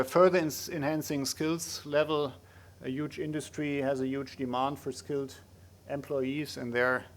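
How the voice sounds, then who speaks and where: A man making unscripted closing remarks at a conference, halting with frequent filler pauses. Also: medium pitch. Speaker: conference speaker.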